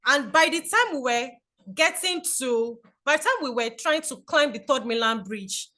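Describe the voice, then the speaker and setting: A Nigerian woman in her forties giving an online talk to a community group, chatty and animated, telling stories over a video call. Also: sits high, normal speed. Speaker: guest speaker.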